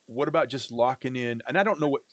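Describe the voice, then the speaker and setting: A male livestream co-host talks fast in a casual trading chat, joking, rambling and cutting himself off as he goes. His voice is medium in pitch, and the recording has no echo, with the highs cut off.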